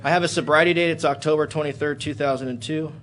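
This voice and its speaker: A man in his thirties speaking at a recovery meeting in a hotel hall, telling a personal story and building to loud, animated outbursts. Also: a little high, fast talker, slight background noise. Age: 30s.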